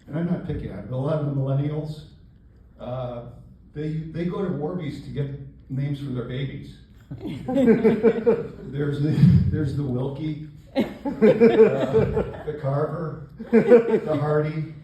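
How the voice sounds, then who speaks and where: An older man performing a stand-up comedy set on a club stage, with a deadpan, self-mocking delivery. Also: medium pitch, background noise. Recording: echoey live club, distant mic. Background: audience laughter.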